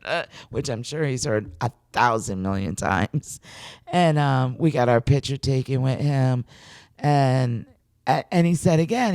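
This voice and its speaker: A middle-aged woman host recounts a story in casual podcast chat, her voice gravelly with fry. She gets excitable, stammers and laughs easily. The sound is dry and close. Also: a bass voice, dry recording.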